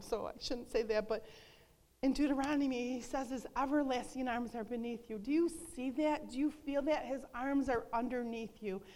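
Earnest woman speaking in a reverberant hall. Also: high voice. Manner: earnest, emotional, personal. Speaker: women's ministry speaker. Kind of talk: devotional talk.

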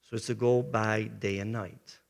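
Gravelly older male pastor preaching. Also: fairly low pitch, little pitch movement, a little slow, in a large hall. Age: 70s. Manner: earnest storytelling, frequent throat clearing. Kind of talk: sermon.

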